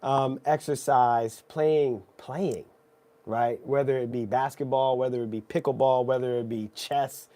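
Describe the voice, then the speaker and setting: A male host with a mid-pitched, mellow, warm voice, leading a casual conversation. He speaks reflectively and often pauses to check in with the listener. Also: steady tone. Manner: reflective, often adds "right?".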